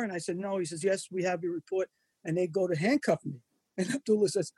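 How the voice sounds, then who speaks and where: An older man tells stories in a high, husky voice with a mellow, dark tone. He is animated and slips into other people's voices as he recounts what happened. The sound is dry and close. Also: brisk, no echo. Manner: animated anecdotes, acts out quoted voices. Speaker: wrestling photographer and magazine editor. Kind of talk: storytelling in an interview.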